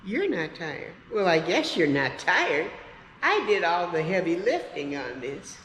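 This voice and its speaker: Slow, lively woman leading a kids' tour. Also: on the low side, a little hiss or hum, rough recording. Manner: animated, talks to a puppet and to children. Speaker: museum educator. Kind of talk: children's virtual museum tour. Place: outside and inside a museum.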